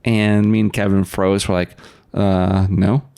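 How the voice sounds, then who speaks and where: A man's voice: sits low, level tone, a little slow, vocal fry, a little mellow, smooth. A young man, a podcast guest, casually telling stories and laughing often. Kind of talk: casual storytelling.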